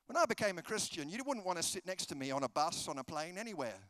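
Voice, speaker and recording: A British man preaches a humorous sermon in a conference hall, telling stories and acting out the dialogue in comic voices. His voice sits high and sing-song, quick and a bit bright, with no room sound.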